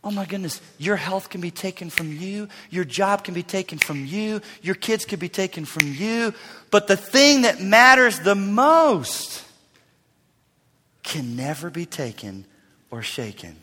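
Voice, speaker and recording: A man in his fifties preaching a sermon as pastor, swinging from loud emphatic lines to hushed, near-whispered asides. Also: high voice, big pitch swings, unhurried, in a large hall. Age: 50s.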